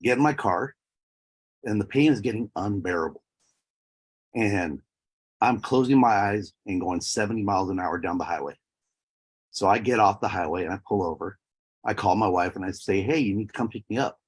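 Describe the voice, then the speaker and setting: A man's voice: fairly low pitch, normal speed, pauses often, slightly rough. A man in his thirties or forties giving an emotional personal testimony, his voice breaking at times. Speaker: speaker sharing a personal story.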